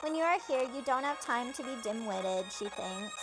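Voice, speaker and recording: A woman's voice: on the high side, animated, moderate pace, over music, poor audio. A young woman casually narrating and translating a game, chatty with lots of "like", reading the ellipses aloud. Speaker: let's play translator.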